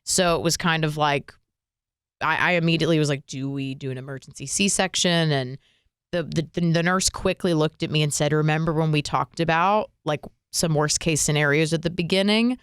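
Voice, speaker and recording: A young woman co-hosting a podcast, retelling a personal story in an emotional, animated way full of fillers. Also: low-pitched, normal speed, clear, resonant tone, no room sound, studio quality. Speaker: radio and podcast co-host. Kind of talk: casual conversational storytelling.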